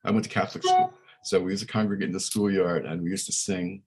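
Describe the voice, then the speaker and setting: A man's voice: low-pitched, fairly even intonation, fast talker, a little mellow, husky, faint music behind. A man, a musician guest chatting in an interview and rambling with many fillers and restarts. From Brooklyn, New York. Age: 60s. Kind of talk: casual interview chat.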